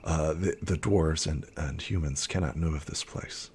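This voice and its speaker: A man's voice: a bass voice, moderate pace, darkish tone, a little hiss or hum, pitched below the performer's own voice. A man voicing a solemn, formal male elf guard in silks.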